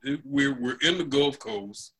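A man who co-owns a comic shop, explaining things in a halting way with many restarts. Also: mid-range voice, a bit bright, husky, poor audio. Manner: halting, lots of fillers and restarts. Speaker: comic shop co-owner, guest. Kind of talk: casual chat.

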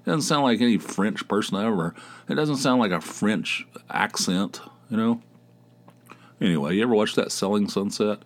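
A man's voice: on the low side, moderate pace. A middle-aged man hosting his own podcast, chatting casually in a rambling, wry way and swearing freely. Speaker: podcast host. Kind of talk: casual solo podcast chat.

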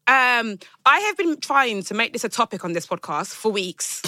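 Woman podcast host, lively up and down voice, dry close sound, chatty and sweary. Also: on the high side, moderate pace, dry recording. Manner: chatty, swears freely, apologises through laughter. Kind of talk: casual chat.

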